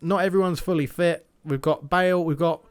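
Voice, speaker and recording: A man's voice: on the high side, steady tone, a little fast, clear, resonant tone. A young man giving casual gameplay commentary, thinking aloud and slipping into mock match commentary. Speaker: gaming YouTuber.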